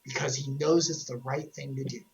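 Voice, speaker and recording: A woman recapping game lore on a casual stream, animated and joking, with sarcastic asides. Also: a bass voice, brisk, muffled recording, slight background noise.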